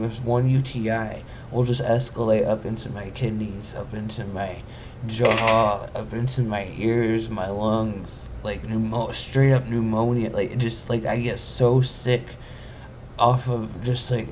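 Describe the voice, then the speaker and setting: A man's voice: on the low side, level tone, measured pace, darkish tone, a little hiss or hum. A young man telling a personal story in a casual vlog, rambling and emotional, with many fillers and restarts. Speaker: vlogger.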